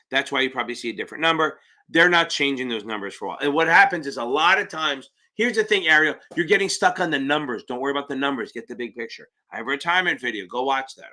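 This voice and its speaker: A man's voice: on the high side, pushed and bright. Blunt, swearing man tutoring on a live stream. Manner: blunt, rambling, swears casually. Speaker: exam prep tutor.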